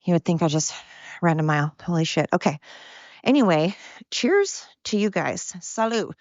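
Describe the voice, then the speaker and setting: A woman's voice: fairly low pitch, expressive, normal speed, darkish tone, no room sound, highs cut off. A woman hosting a podcast, rambling bluntly and casually on her own, exhausted and winded, with a self-deprecating, meandering way of talking. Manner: chatty, blunt, self-deprecating, drifts off topic. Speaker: podcast host.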